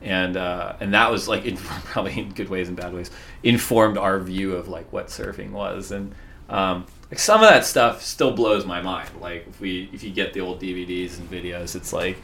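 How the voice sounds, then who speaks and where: A man's voice: low voice, fairly even intonation, normal speed, vocal fry, fairly bright tone. A middle-aged man from Southern California, a surf league executive chatting on a podcast, rambling with many fillers and restarts. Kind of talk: casual podcast chat.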